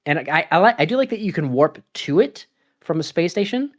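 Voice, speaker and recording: A man's voice: fairly high pitch, sing-song, brisk. A young man co-hosting a gaming podcast, chatting casually in a rambling way, laughing often and acting out his own reactions. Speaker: podcast co-host.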